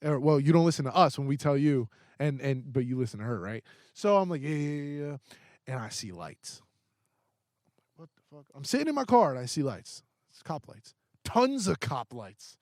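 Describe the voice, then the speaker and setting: A young man appears as a podcast guest, telling a story casually and animatedly, swearing heavily and using lots of fillers. His voice is mid-range at a normal speed, captured dry with studio quality.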